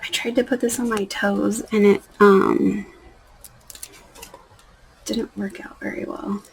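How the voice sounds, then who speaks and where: A woman's voice: mid-range voice, flat delivery, takes it slowly, vocal fry, a little hiss or hum, poor audio. A young woman chatting casually as she does her nails, rambling and trailing off into near-whispers. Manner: rambling, soft-spoken, drifting into near-whispers. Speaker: nail art vlogger. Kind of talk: casual chat.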